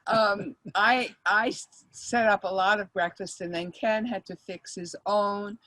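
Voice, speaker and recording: A woman's voice: mid-range voice, steady tone, measured pace, fairly bright tone, no room sound, rough recording. An older woman, a mediator, speaking as a guest in an interview, telling stories in a reflective way and laughing often. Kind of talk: conversational interview.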